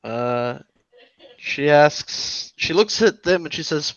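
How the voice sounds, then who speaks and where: A man's voice: fairly high pitch, animated, slow pace, fairly bright tone, no room sound. A man at a tabletop game describes his character's actions in the third person. His voice comes through dull and lo-fi, with a dry, close sound. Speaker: player.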